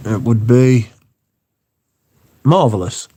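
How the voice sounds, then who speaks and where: Male streamer, mellow, rambling, sweary casual chat. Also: medium pitch, unhurried, a little hiss or hum. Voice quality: swears freely, rambling anecdotes. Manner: chatty, repeats filler words. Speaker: livestream host.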